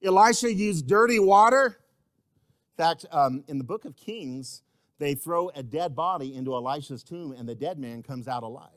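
High-voiced animated pastor preaching. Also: male voice, moderate pace, no room sound. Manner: animated, humorous, direct. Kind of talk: sermon.

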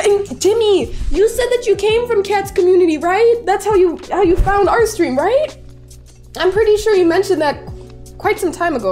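A woman's voice: very high voice, darkish tone. A young woman in her twenties streaming and reading viewer messages aloud in a bubbly, gushing way. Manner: bubbly, gushing, squeals and laughs. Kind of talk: casual livestream chat, reading viewer messages.

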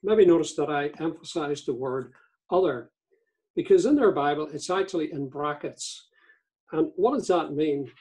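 A man delivering a teaching sermon in a church, measured and deliberate, reading quotations aloud. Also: fairly high pitch, mellow, husky, poor audio. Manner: measured, reads court transcript and scripture aloud. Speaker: visiting speaker on cults.

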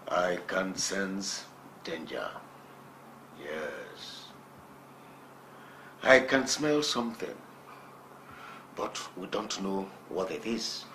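An actor playing a grave, wary father who speaks slowly. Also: sits low, a bit bright, slight background noise, exaggerated voice. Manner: slow, grave, deliberate. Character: suspicious, then remorseful father.

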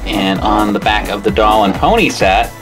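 A man's voice: on the low side, moderate pace, over music. A man co-hosting a toy review, chatting in a casual, teasing way. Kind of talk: casual chat.

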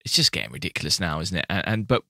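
A man's voice: sits low, very animated, very fast, creaky, sharp tone, dry recording, clean studio sound. A British man co-hosting a podcast, chatting casually with frequent restarts. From Britain. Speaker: podcast co-host. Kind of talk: casual chat.

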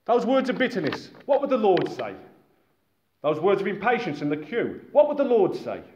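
A man preaching a sermon to a gathered congregation, animated and exclaiming, calling his listeners friends. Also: sits high, moderate pace. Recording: echoey, muffled room recording with faint noise.

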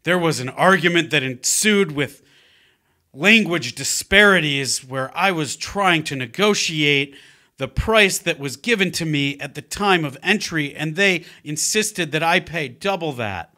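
Man doing a pompous windbag, bright tone, lively pitch. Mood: smug. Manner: pompous, drawn-out theatrical delivery. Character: pompous overly formal adult man. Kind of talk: comedic character bit.

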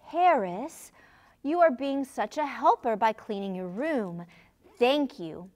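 A woman playing a patient, gentle aunt. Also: on the high side, lively intonation, slow, faint music behind. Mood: kind. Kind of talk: puppet show acting.

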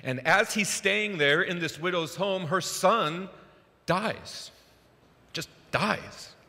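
A male pastor preaching a sermon in a casual, conversational, animated way, recorded in a church sanctuary with a long reverb. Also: high-pitched, takes it slowly.

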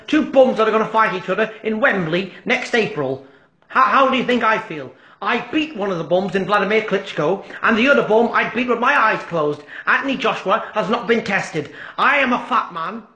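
A man's voice: high-pitched, bright, forceful tone, reverberant. A man impersonating a boastful heavyweight boxer who calls himself a fat man who outclasses athletes. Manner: bragging, blunt, self-mocking.

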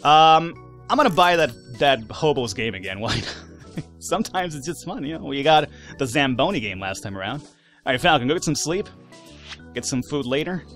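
Animated man doing let's-play commentary. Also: fairly high pitch, normal speed, faint music behind. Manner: animated, swearing, laughing, talking to the game characters. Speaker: gaming YouTuber.

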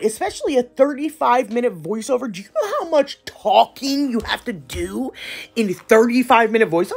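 A woman's voice: a little high, sing-song, fairly quick, fairly bright tone, husky, soft background music. A woman nail tech, chatting playfully through a casual voiceover tutorial in slangy talk.

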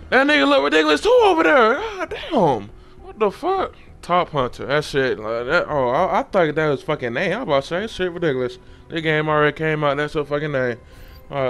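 A young man giving loose, profane, excitable commentary while playing a game. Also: mid-range voice, smooth. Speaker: gamer. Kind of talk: casual gameplay commentary.

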